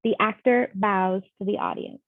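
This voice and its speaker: A woman reading stage directions in a measured, explanatory manner. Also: medium pitch, expressive, creaky, no room sound, phone-quality sound. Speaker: play reader.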